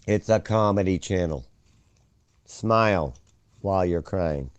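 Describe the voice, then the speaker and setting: A man hosting a profane conspiracy chat show, ranting and swearing, now and then shouting mockery. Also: low voice, slow, clean tone, dry recording, lo-fi sound. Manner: ranting, swears a lot, swings loud and mocking.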